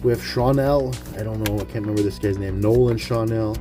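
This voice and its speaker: A man hosting a card-collecting vlog, chatty and rambling, swinging from hushed awe to loud excited outbursts. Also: on the low side, a little fast, soft background music. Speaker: card-collecting channel host.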